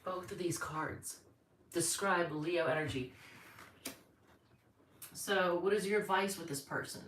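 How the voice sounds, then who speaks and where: A woman's voice: medium pitch, measured pace, far from the mic. Woman, tarot reader, live stream, rambling and chatty, thinking aloud, echoey room, faint background noise.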